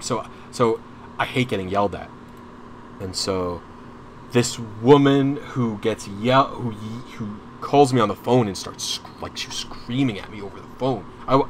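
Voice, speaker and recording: A man's voice: medium pitch, a little hiss or hum. A young man streaming, telling a long personal story in casual chat, rambling and restarting often, sounding anxious and frustrated. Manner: rambling, full of restarts and asides; openly anxious and frustrated as he recounts.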